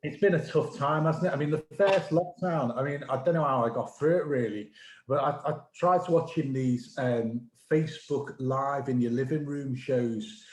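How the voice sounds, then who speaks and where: A man's voice: medium pitch, normal speed, a little mellow, reverberant, slight background noise, low-quality recording. A man hosting a comedy show over a video call, telling wry, self-deprecating anecdotes between acts.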